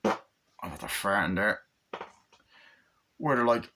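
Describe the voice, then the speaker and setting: A man casually reviewing an action movie, rambling with excitement and swearing a lot. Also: fairly low pitch, slow. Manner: excited, profane, rambling, acts out scenes.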